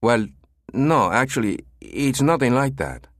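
A man's voice: fairly low pitch, sing-song, normal speed, no room sound, studio quality, pitched above the performer's own voice. A man doing a nasal Spanish caller with a cold. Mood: apologetic. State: slight cold, coughing.

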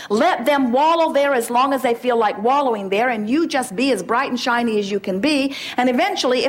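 A middle-aged woman addresses a gathering with an inspirational talk. She is emphatic and playful, slipping into short acted dialogues to drive her points home. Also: a little high. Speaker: spiritual teacher.

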